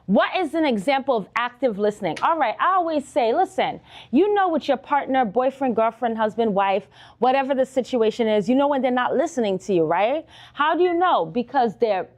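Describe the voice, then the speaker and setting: A woman's voice: fairly high pitch, brisk. Upbeat woman teaching nursing exam prep. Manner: animated, talks to students directly, frequent "okay?" checks. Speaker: nursing instructor. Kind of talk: live online exam-prep lesson.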